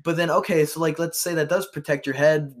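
A man's voice: on the high side, steady tone, a little fast. A young man hosting a podcast, chatting loosely about history trivia with frequent fillers and profanity. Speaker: podcast host.

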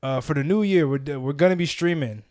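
A young man hosting a podcast, talking in a loose, slangy way as he chats with his co-host. His voice sits a little high for a man. The sound is close and dry, with no room around it. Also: fast talker, a little mellow, dry recording. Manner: laid-back slangy talk, laughs often. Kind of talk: casual podcast chat.

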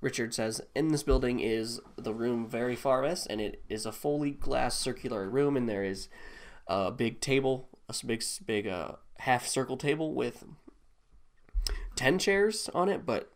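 A man's voice: mid-range voice, normal speed. A man narrating a tabletop game as game master, rambling with many restarts.

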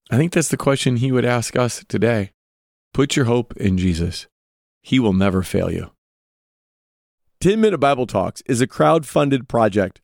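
A man of middle pitch gives earnest devotional Bible teaching as a podcast host. He often turns to the listener with direct questions. The sound is close and dry, with no room around it. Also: expressive, normal speed, vocal fry, dry recording.

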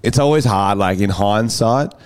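A man's voice: lowish voice, normal speed, smooth. A man with an Australian accent co-hosting a podcast in casual chat, joking and laughing a lot. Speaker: podcast co-host.

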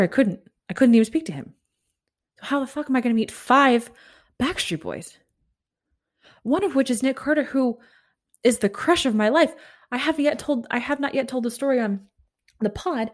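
Animated woman telling a podcast story. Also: a little high. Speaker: solo podcast host. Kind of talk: casual storytelling monologue.

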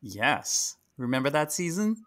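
A middle-aged man tells a story as a podcast guest. His voice sits a bit high for a man, and he talks in an animated way with many fillers and restarts. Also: unhurried. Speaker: podcast guest, Broadway actor. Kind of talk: casual interview chat.

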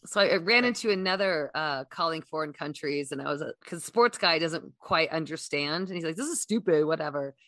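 A woman's voice: low voice, a little fast, few pauses, a bit bright, no room sound, clean studio sound. A woman co-hosting a podcast, chatting and telling anecdotes casually. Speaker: podcast co-host. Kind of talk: casual chat.

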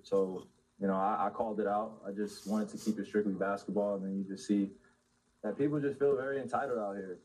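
Low, mellow-voiced man at a press conference. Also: fairly even intonation, a little hiss or hum, low-quality recording. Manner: measured, hesitant, fillers. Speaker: professional athlete at press conference. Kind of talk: post-game press conference.

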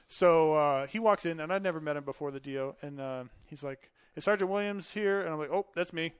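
A man in his thirties tells stories in a relaxed way, acting out the other people's lines and laughing often. His voice sits a little high and sounds smooth and resonant. The recording is close and dry. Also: fairly quick, dry recording. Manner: laughs often while telling stories, acts out dialogue. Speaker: podcast guest, Air Force veteran. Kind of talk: casual storytelling.

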